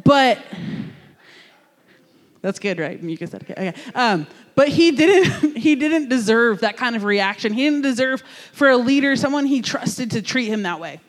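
Jersey guy preaching, telling a goofy story, really high voice, big echoey church hall. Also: moderate pace, few pauses. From New Jersey. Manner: animated, jokey, conversational. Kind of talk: storytelling sermon.

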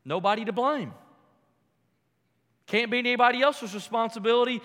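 Male pastor, high bright voice, preaching and questioning his congregation in a reverberant hall. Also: normal speed. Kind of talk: sermon.

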